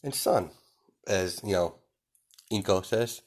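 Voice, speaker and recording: A man with a very deep voice tells an improvised fan story off the cuff. He rambles along, stumbling through fillers and correcting himself as he goes. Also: steady tone, unhurried. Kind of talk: improvised fan fiction narration.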